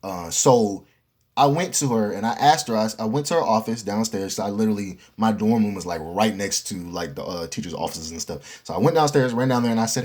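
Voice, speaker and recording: A young man tells a story straight to camera in a loose, casual way. He talks in a lively, slangy style, swears freely and keeps turning to the viewer with quick asides. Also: on the low side. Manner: animated, slangy and profane, with frequent asides to the viewer. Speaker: vlogger telling a story.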